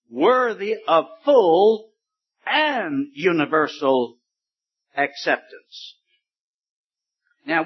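A man preaching a sermon, slow and deliberate, stretching words for emphasis. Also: high voice, husky. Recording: dull lo-fi recording.

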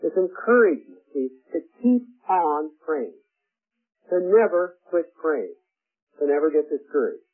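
Older preacher over tinny radio. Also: male voice, a little high, sing-song. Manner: earnest, personal storytelling with frequent "uh" pauses. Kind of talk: sermon. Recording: tinny phone-like radio broadcast.

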